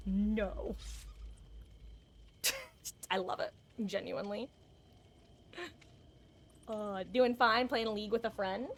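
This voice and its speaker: A woman's voice: medium pitch, a little hiss or hum. A woman live-streaming a game, chatting casually with viewers, greeting them and musing on playful wordplay. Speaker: livestreamer. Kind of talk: casual live-stream chat while gaming. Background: game music.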